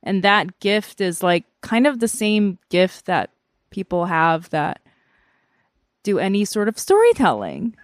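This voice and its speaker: A woman's voice: mid-range voice, big pitch swings, a little slow, no room sound. Profane, rambling woman comedian, dry mic. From Korea. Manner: profane, rambling, laughs often. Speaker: guest comedian. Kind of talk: casual podcast chat.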